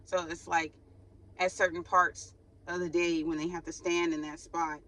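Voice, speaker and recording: Speaking at a moderate pace in a fairly low, pushed, bright voice that barely shifts in pitch, a woman hosts a faith channel. Without her microphone, she chats through a casual spiritual reading, laughing frequently and acting out quoted sighs.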